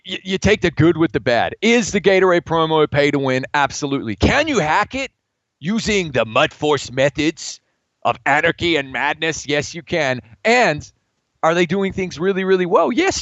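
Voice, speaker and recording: An excitable Australian man chats as a podcast co-host, doubling up his words as he goes. His voice sits fairly high and swings widely in pitch. The recording is dry and a little dull, as if lo-fi. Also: normal speed, no echo. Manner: excitable, repeats words, animated. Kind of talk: casual gaming podcast chat.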